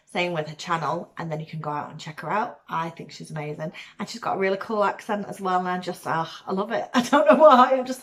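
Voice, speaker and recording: Woman vlogger, softened Manchester accent, slightly low voice, chatty and rambling to camera. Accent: weakened Mancunian, softened by years in Cornwall. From Manchester, England. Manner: chatty and rambling, with frequent ums and laughs. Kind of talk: casual chat to camera.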